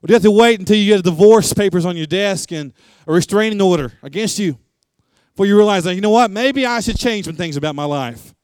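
Man in his 30s, pastor mid-sermon, impassioned and chatty, smooth resonant tone. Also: high voice, quick pace, a little mellow, no echo. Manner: impassioned preaching with frequent repetition and asides.

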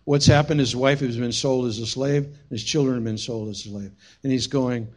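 A pastor preaches a sermon at a normal speed in a medium-pitched voice. He tells stories and adds humorous, animated asides.

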